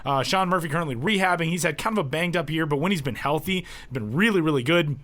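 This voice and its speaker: A man with a hoarse, cold-roughened voice co-hosting a podcast at home, rambling and joking with plenty of fillers. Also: a little high, fast, fairly bright tone. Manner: rambling and self-deprecating, many fillers. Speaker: podcast co-host. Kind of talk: casual podcast chat.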